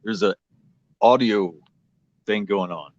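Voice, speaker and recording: A man's voice: lowish voice, takes it slowly, no echo. A man calling in to a live stream by phone, talking in a friendly, easygoing way. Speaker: guest caller. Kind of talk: casual chat. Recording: muffled phone audio.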